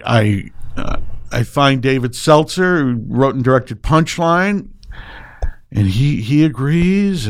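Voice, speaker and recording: A middle-aged man telling a personal story as a guest, emotional and animated, swearing and tripping over his words. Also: clear, resonant tone. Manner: animated and emotional, swings high when excited. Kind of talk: casual storytelling.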